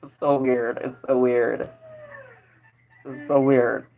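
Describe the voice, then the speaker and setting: A woman's voice: extremely low pitch, level tone, slow. A woman vlogging in a casual spiritual monologue, rambling and profane, often breaking into laughter. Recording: dull lo-fi recording.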